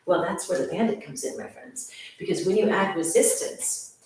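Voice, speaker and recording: A woman's voice: fairly low pitch, moderate pace, a little mellow. A young woman fitness instructor who talks to her viewers in an enthusiastic, chatty way. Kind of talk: casual channel introduction. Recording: very echoey room, voice far from mic.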